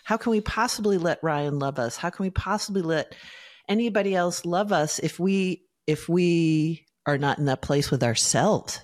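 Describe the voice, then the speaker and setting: Woman co-host, lower voice; thoughtful, affirming, conversational. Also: normal speed. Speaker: podcast co-host. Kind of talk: casual chat.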